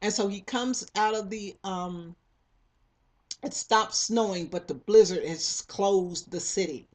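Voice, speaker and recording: A woman's voice: mid-range voice, slow pace. Rambling woman retelling a story. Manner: rambling, many fillers and restarts, acts out quoted lines. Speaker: book club reader retelling a novel. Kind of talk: casual spoken story retelling.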